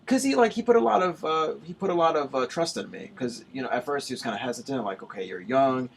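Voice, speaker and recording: A man's voice: a little high, creaky, slight background noise. A young man hosting a casual late-night college radio chat, rambling and restarting his sentences often. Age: young adult. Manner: rambling, halting, many restarts.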